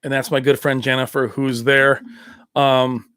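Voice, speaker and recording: A man's voice: medium pitch, unhurried, a bit bright, dry recording, studio quality. A man hosting a casual livestream chat, rambling from point to point and laughing often. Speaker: livestream host.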